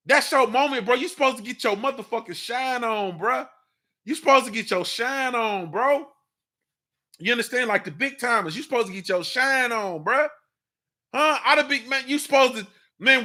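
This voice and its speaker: Animated, slang-heavy male morning show host. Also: high-pitched. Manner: animated, slangy, repeats "you understand what I'm saying". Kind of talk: casual boxing talk monologue.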